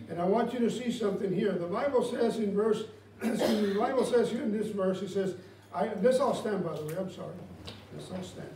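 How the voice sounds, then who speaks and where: A pastor delivers his sermon in a high-pitched voice, moving between storytelling and prayer. The sound is roomy and comes from some way off the mic, with faint room noise behind it. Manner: storytelling preacher, drops to a hush for prayer. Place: church sanctuary. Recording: roomy church sound from far off.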